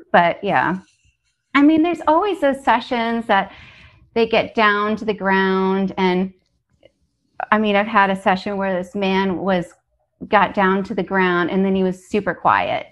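A woman hypnotherapist telling funny stories in a casual interview, animated and laughing often as she acts out quotes. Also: medium pitch, a little slow. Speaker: hypnotherapist guest.

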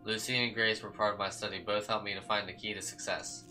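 A smug, scheming old doctor who lectures calmly, as a man reads him. His voice is lowish yet very bright and forceful. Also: fast talker, faint music behind, low-quality recording. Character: cold older male doctor, scheming and smug.

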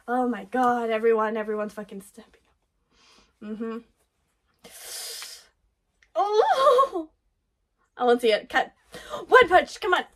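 A woman hosting an anime reaction, talking excitedly over what she watches, gasping, laughing and swearing. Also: a little high, slow pace, long pauses. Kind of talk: live reaction commentary.

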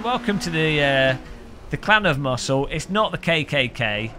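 A man streaming a racing game, joking and rambling with frequent laughs, a little hoarse after hours of talking. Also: mid-range voice, sing-song, normal speed, pushed and bright. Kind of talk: live-stream gaming commentary. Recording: game car engine noise behind.

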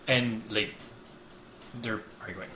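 A man's voice: lowish voice, fairly even intonation, slow, background noise. A man hosting a podcast and narrating a tabletop game as game master, casual and joking with lots of ums. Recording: dull, roomy lo-fi recording.

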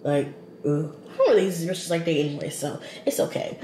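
A woman's voice: low voice, expressive, fairly quick. A woman vlogging casually from her home kitchen, rambling and slangy as she talks to her viewers. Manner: chatty, rambling, slangy, addresses viewers as y'all and girl. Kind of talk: casual chat to camera. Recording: echoey room with background noise.

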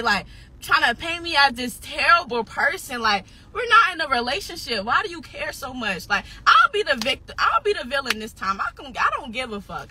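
A woman's voice: high voice, noisy background. A nineteen-year-old woman venting on a livestream, upset and defensive, swearing heavily and repeating herself, close to tears at times. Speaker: social media personality.

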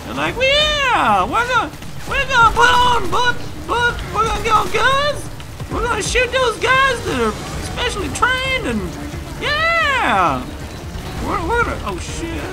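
A man voicing an excited male hillbilly bad-guy recruit with a hillbilly accent, yelling in a gung-ho way. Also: extremely high pitch, measured pace, over loud music, voice pushed up, full character voice.

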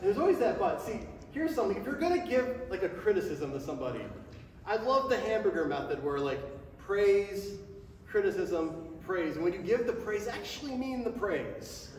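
A pastor with a very high voice delivers a sermon to his congregation in a church sanctuary, very animated at a moderate pace, quickening and rising in pitch as his fervor grows. He's captured from a distance in the large, echoey room, with a long reverb tail and a faint hum underneath.

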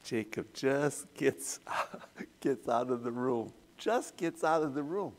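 A man's voice: mid-range voice, expressive, a little mellow. A man leading a church Bible study, retelling the story in a conversational way and asking the group questions. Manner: unhurried, conversational storytelling with acted quotes.

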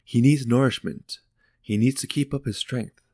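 A man's voice: medium pitch, steady tone, normal speed, slightly rough, no echo, studio quality, voice pushed up, close to an everyday voice. A man voicing a worried young mother. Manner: soft, pleading questions. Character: anxious young mother at a hospital bedside.

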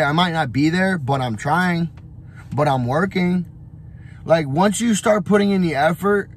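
A young man with a slightly high voice gives a loose, profane motivational rant on a travel vlog. He rambles, repeats himself and leans on fillers. A faint hum of noise sits behind him. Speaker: vlogger. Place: on the road, traveling.

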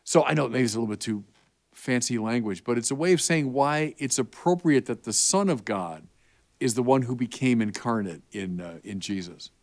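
A man with a Chicago accent, a bishop explaining faith to children in an emphatic, conversational way. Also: mid-range voice. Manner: animated and emphatic, with rising bursts. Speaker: bishop answering children's questions.

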